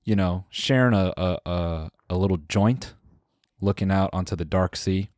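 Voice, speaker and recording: A young man with a fairly low voice spins a casual story on a podcast, jumping into the voices of the people he describes and swearing freely. The sound is dry and close to the mic. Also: moderate pace, a little mellow, no echo. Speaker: podcast co-host.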